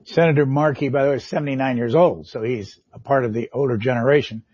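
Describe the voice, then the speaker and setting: Husky, dark-voiced male host. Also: mid-range voice, quick pace, no room sound. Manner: probing questions, frequent throat clearing. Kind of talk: interview hosting. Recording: dry, muffled lo-fi audio.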